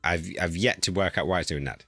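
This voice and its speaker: A man's voice: low voice, brisk, bright, forceful tone, no echo, faint music behind. A man streaming live, chatting casually and getting flustered while fixing his audio settings. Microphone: new desk microphone.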